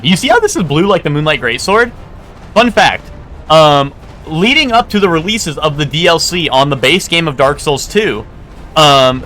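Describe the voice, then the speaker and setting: A man's voice: medium pitch, sharp tone. A man streaming a game live, chatting casually with a rambling, swearing, laughing manner. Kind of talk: casual live gameplay commentary.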